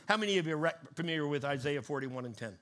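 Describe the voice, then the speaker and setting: Male pastor, higher bright voice, emphatic preaching cadence. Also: animated, very fast. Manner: preaching with rising emphatic call-and-response cadence; talks to the congregation, teaching word meanings. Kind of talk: sermon.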